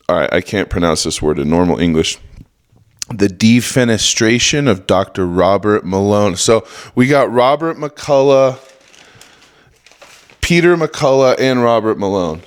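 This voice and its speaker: A man's voice: on the low side, measured pace. A young man hosting a solo comedy podcast, swearing a lot and mocking what he reads in a sarcastic rant. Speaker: podcast host.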